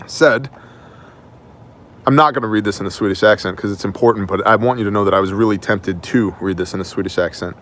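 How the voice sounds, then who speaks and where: A man's voice: on the low side, brisk, a bit bright. A man hosting his own news show, delivering opinionated commentary in an emphatic, sometimes mocking way. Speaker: host of an independent news show.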